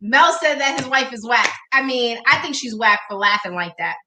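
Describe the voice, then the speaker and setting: A woman co-hosting a casual talk show, animated and teasing. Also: fairly high pitch, normal speed, echoey room, noisy background. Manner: animated, teasing, talks over her partner. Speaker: co-host. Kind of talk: casual chat.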